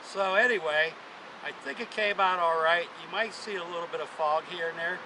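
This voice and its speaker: A travel vlogger tours outdoors with a handheld camera, narrating and telling stories in an easygoing, chatty way full of fillers. His voice sits high and fairly quick against a noisy background.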